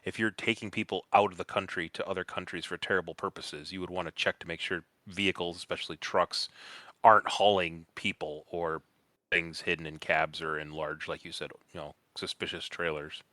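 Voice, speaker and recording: A man's voice: deep voice, flat delivery, a little fast, bright, forceful tone, no room sound. A man co-hosting a casual podcast chat, rambling as he reasons things out aloud, his voice coming through a bad mic that makes it sound robotic. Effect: robotic distorted voice from a bad mic. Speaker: podcast co-host.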